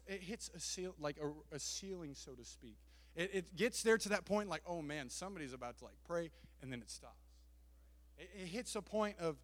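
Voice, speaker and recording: High-voiced man preaching in echoing hall. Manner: builds from quiet storytelling to shouting. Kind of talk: Pentecostal sermon. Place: church sanctuary. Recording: long church hall reverb.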